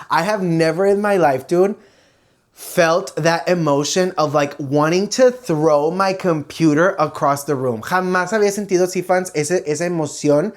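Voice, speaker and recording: Young adult bilingual vlogger, casual, animated storyteller. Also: mid-range voice. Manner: animated and expressive, imitates ringing sounds. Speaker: vlogger host. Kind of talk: casual storytelling chat switching between Spanish and English.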